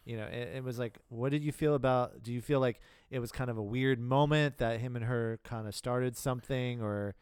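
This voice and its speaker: A man's voice: mid-range voice, fairly even intonation, a little mellow, clean tone, no echo, clean studio sound. Hesitant, questioning male podcast co-host. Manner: hesitant, questioning, halting with fillers. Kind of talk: casual movie review chat.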